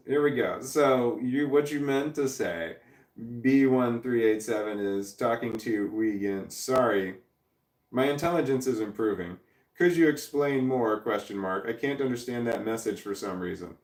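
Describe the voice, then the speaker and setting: A man's voice: medium pitch, measured pace. A man in his forties chatting casually on a livestream, rambling, swearing freely and chuckling as he reads viewers' messages. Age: 40s. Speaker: livestreamer reading chat. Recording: roomy sound from a distant mic.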